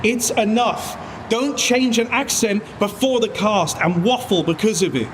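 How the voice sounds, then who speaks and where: High-voiced man, earnest and blunt. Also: unhurried, slight background noise. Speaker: esports caster. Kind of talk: heated team talk.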